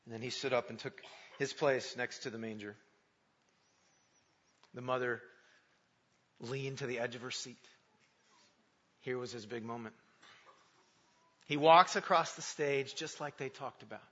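A man's voice: medium pitch, unhurried, long pauses, husky. A man preaching a Christmas Eve sermon, praying and telling a story in an earnest storytelling manner. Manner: storytelling, earnest and warm in prayer. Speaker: pastor. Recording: dull sound in a large reverberant church.

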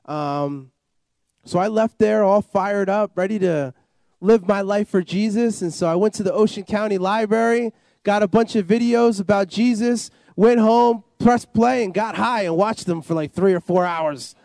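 High-voiced man telling his story. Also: moderate pace, gravelly, a little mellow, no room sound. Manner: rambling, repeats himself, lots of "you know" and "like". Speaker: interview guest. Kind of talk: personal testimony, casual storytelling.

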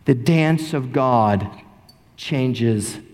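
A middle-aged male pastor preaching an animated sermon, full of repeated rhetorical questions. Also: medium pitch, drawn-out words. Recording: long reverb in a large sanctuary.

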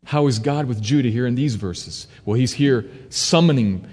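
Brief: male pastor, mid-pitched, teaching sermon, echoing church hall. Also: moderate pace, a little mellow. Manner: teaching, explaining scripture verse by verse. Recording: long hall reverb.

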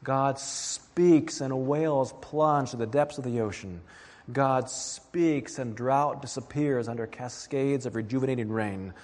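A man preaching a sermon as pastor, dramatic, dropping to a hush and then rising to emphatic peaks. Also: mid-range voice, a little slow, in a large hall. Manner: dramatic, swings from hushed to emphatic.

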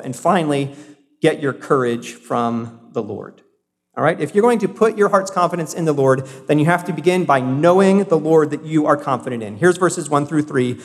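A man in his thirties preaching a sermon as pastor, earnest and emphatic, often repeating words to stress a point. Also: on the high side. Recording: long hall reverb.

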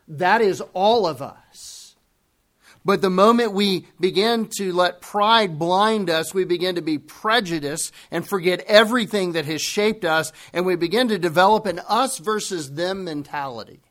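A male pastor delivers a sermon at an unhurried pace. His voice sits somewhat high for a man, and he swings between quiet, hushed lines and raised emphasis, now and then acting out the voices he quotes. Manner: earnest preacher who acts out quoted voices, swings from hushed to loud. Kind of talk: expository sermon.

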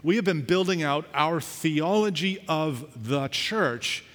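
A man's voice: fairly high pitch, lively intonation, takes it slowly, a bit bright. Man preaching in a reverberant hall. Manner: conversational preaching with acted-out anecdotes. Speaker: pastor. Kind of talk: sermon.

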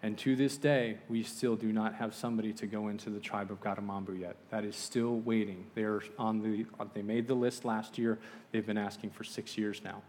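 A man giving a sermon as a missionary preacher, telling a story with acted-out voices and ending in a quiet prayer. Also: fairly low pitch, fairly even intonation, normal speed.

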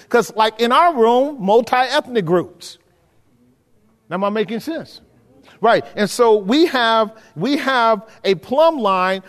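A male pastor preaching a sermon in a conversational way, often checking that his listeners are keeping up. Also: very high voice. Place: church hall with a live audience. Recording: long hall reverb.

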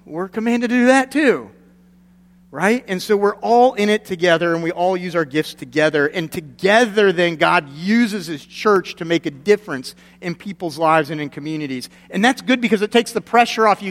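A man's voice: high-pitched, expressive, normal speed, fairly bright tone. Man preaching in a reverberant church. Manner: earnest, builds to emphatic, tells folksy stories. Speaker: pastor. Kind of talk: sermon. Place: church sanctuary.

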